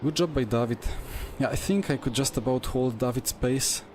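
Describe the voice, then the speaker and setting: A man's voice: medium pitch, moderate pace, background noise. Breathless man chatting after a sim race. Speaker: sim racing streamer. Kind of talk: casual live commentary while sim racing.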